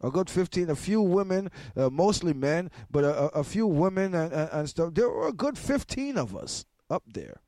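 A man's voice: on the high side, very animated, normal speed, few pauses, warm tone, dry recording, studio quality. A man, hosting a radio show and telling a story with rambling, stammering repetitions. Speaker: radio host. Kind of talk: storytelling to listeners.

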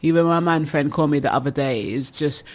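A woman's voice: deep voice, quick pace. A woman hosting a casual advice show, reading listener messages and teasing them with laughter. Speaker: radio advice show host.

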